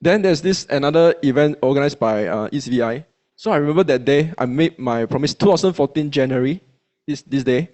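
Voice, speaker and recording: A man with a Malaysian English accent, telling a motivational story to an audience in a colloquial, animated way and acting out his own dialogue. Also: on the high side, brisk. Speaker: speaker at a business event.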